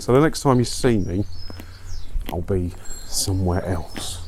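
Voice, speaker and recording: Deep bloke rambling on his vlog while walking up a hill, chatty and taking the mick out of himself. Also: moderate pace, a little mellow, a little hiss or hum. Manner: rambling, chatty, self-mocking. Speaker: vlogger. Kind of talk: casual walking vlog chat.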